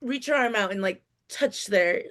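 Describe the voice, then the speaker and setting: A woman's voice: medium pitch, normal speed, a bit bright. A woman co-hosting a podcast in casual chat, chatty and laughing often while she reads from her notes. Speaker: podcast co-host.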